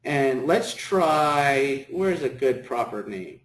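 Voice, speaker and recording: A man's voice: medium pitch, expressive, takes it slowly. A man teaching a classroom lecture, encouraging students and repeating words for them. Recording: echoey classroom.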